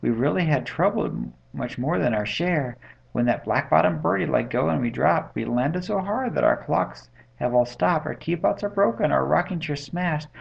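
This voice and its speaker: A man's voice: fairly high pitch, animated, moderate pace, gravelly, husky, full character voice. A man voicing a tiny, cheerful male mayor in a bedtime storybook reading, with a piping, grateful manner, on lo-fi webcam audio. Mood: pleading.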